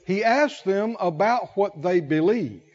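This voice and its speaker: High-voiced slow emphatic preacher. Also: male voice, expressive, darkish tone, muffled recording. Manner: emphatic, repeats key words with long pauses. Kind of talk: sermon.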